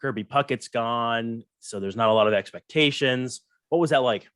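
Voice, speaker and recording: A man's voice: mid-range voice, normal speed, fairly bright tone, clear, resonant tone, no room sound, clean studio sound. A man in his thirties co-hosting a podcast, asking questions in an eager, chatty way. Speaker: podcast co-host. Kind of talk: casual interview questions.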